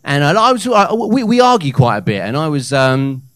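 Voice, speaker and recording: Stand-up man, 30s, lively swinging delivery, dry close mic, loud on the punchlines. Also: a little high, moderate pace, clean tone, no echo. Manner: animated, with hesitant fillers and loud punchlines. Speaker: stand-up comedian. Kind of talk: live stand-up set. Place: comedy club stage. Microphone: handheld stage mic.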